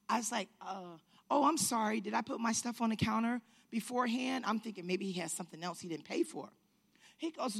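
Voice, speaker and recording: A woman with a husky, slightly breathy voice tells a personal story to a live audience. She acts out every person she quotes, swings her pitch high and low, and breaks into shouts as the tale builds. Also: brisk. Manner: lively storyteller acting out quotes, rising to shouts.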